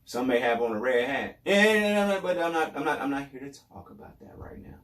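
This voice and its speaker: A man's voice: medium pitch, lively intonation, moderate pace, a bit bright, distant mic. Man talking loosely in an echoey room. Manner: loose, repetitive, sarcastic asides. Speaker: podcast host. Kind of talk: casual commentary monologue.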